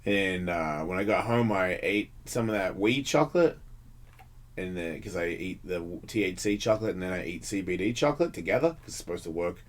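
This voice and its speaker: A man's voice: deep voice, lively intonation, a little fast. A man hosting a radio talk show, bantering casually, blunt and jokey, rambling and swearing freely. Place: radio studio.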